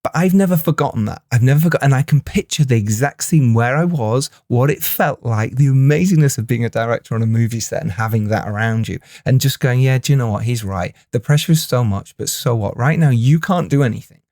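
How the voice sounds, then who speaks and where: Male film director, co-host, chatty and animated, medium voice, dry recording. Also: medium pitch, fairly quick, no room sound. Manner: animated storyteller, laughs often, restarts phrases. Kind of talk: casual podcast chat.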